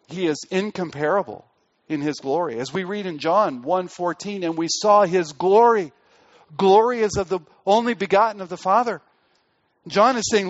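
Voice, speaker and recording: High-voiced man preaching emphatically. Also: moderate pace, dull audio. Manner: emphatic preaching, swelling loud on key phrases then dropping low. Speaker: pastor. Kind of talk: sermon.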